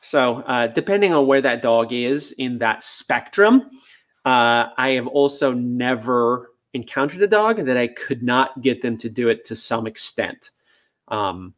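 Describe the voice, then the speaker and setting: A man's voice: medium pitch, expressive, unhurried, fairly bright tone. Chatty male dog trainer. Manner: chatty, laid-back, many fillers. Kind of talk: casual live-stream Q&A.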